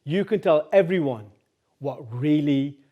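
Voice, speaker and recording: A man telling a folk tale aloud in a chatty, animated way, talking straight to his listeners and repeating phrases for rhythm. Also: on the high side, a little slow, dull audio. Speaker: storyteller. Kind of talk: oral folk-tale storytelling.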